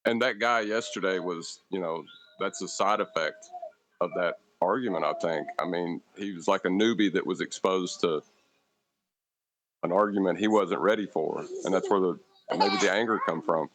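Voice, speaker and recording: A man's voice: low voice, normal speed, fairly bright tone, low-quality recording. A man in casual debate chat, talking in a hesitant, thoughtful way.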